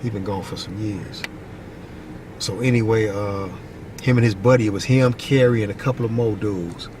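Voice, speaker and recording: A middle-aged man from Long Beach, California, telling stories from his youth as a vlogger. He tells them in an animated way, puts on high voices for the people he quotes, and often asks "you know what I mean". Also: moderate pace. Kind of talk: casual storytelling. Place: outdoors by a basketball court, moving in traffic. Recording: faint street and traffic noise outdoors.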